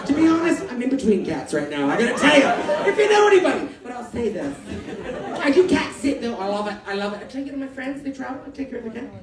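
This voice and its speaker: A middle-aged woman from Canada doing a stand-up comedy set, talking in rapid asides with sudden loud, swearing outbursts. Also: a little high, very animated. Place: comedy club stage. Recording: echoey room with crowd laughter. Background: audience laughter.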